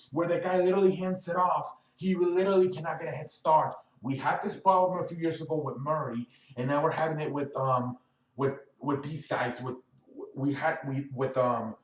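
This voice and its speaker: A man's voice: on the high side, distant mic. A young man from the United States hosting a sports show, ranting about his team in a rambling, frustrated way with swearing and many restarts. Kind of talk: casual sports rant. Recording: echoey room, voice off-mic.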